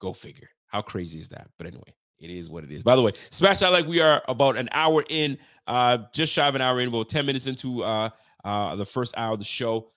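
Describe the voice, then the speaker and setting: A fired-up male sports show host ranting on a livestream, with a voice of ordinary middle pitch. He talks loose and profane, and jumps high in pitch whenever he gets excited. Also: brisk. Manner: animated, profane trash talk; pitch swings up when fired up. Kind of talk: casual sports talk livestream.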